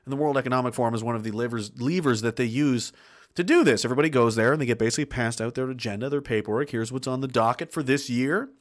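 A man with a mid-range voice talks quickly while hosting a livestream. He reads chat comments aloud and rants bluntly, swearing a lot and laughing between points in a casual way.

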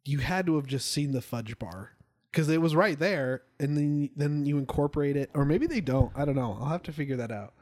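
A man co-hosting a podcast in casual chat, enthusiastic and quick to laugh. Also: a little high, darkish tone. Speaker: podcast co-host.

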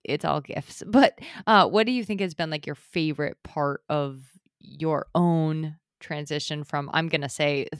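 A woman's voice: deep voice, unhurried, clear, resonant tone, dry recording, studio quality. A woman hosting an interview, upbeat and encouraging, laughing often between questions. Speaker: podcast host. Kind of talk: casual interview.

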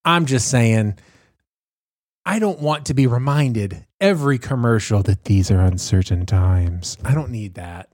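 A man co-hosting a podcast in casual chat, animated and playful, full of jokey asides. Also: medium pitch, unhurried, no room sound, clean studio sound. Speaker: podcast co-host.

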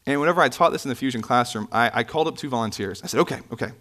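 A man preaching a sermon in a church, conversational with asides and self-corrections, his pitch jumping up when he stresses a point. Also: very fast. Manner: animated, pitch swinging up for emphasis. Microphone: microphone, sometimes bumped.

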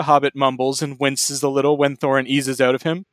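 Guy reading fanfic out loud all mock serious for laughs, dry close mic. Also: mid-range voice, level tone, brisk, hardly any pauses, no echo. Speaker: podcast host reading fan fiction aloud. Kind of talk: comedic dramatic reading.

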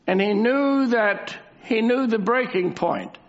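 A man's voice: sits high, slow. A man preaching a sermon, asking rhetorical questions and repeating key lines for emphasis. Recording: dull lo-fi recording.

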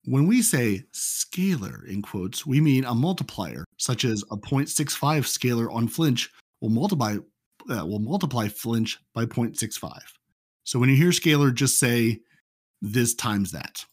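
Male podcast co-host, General American accent, matter-of-fact explainer. Mid pitch, dry. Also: expressive, a little slow, darkish tone, breathy edge, no room sound. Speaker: podcast co-host reading game patch notes. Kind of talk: casual podcast chat.

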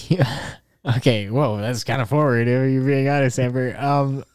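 A man's voice: mid-range voice, fairly even intonation, moderate pace, a little mellow, clear, resonant tone, no room sound, clean studio sound. A man hosting a comedy podcast, rambling and joking with frequent laughs. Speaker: podcast host.

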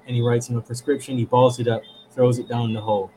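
A man speaking as a therapist guest, explaining ideas and telling animated stories in conversation. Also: mid-range voice, fast talker, slight background noise, rough recording. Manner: animated storyteller. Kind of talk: conversational storytelling.

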